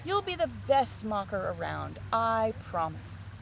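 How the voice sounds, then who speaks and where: A woman voicing a hearty, warm but stern father mockingbird in a storybook reading, his voice booming and at times scolding. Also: very animated, slow pace, vocal fry, noisy background, heavily acted.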